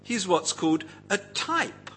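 A man gives a Bible teaching sermon, speaking at a slow, deliberate pace with a somewhat raised, very lively pitch. He keeps his listeners engaged with questions, and a faint hum sits under his voice. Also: low-quality recording. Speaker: preacher.

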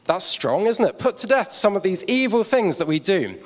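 A man's voice: high voice, very animated, moderate pace. A man preaching a sermon on stage, telling a story with props and chatty asides to the audience. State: out of breath. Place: church hall stage. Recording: long hall reverb.

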